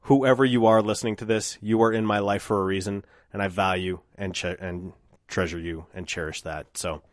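Low-voiced man musing on his podcast. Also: steady tone, normal speed, dry recording. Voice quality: dry mouth. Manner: reflective, rambling with restarts. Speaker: podcast host. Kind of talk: solo podcast monologue.

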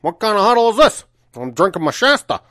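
A man doing an impression of a brash, oblivious coworker who talks like a loud lounge singer, in a nasal, sing-song voice. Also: high voice, very animated, a little fast, dry recording, pitched above the performer's own voice, exaggerated voice. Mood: indignant.

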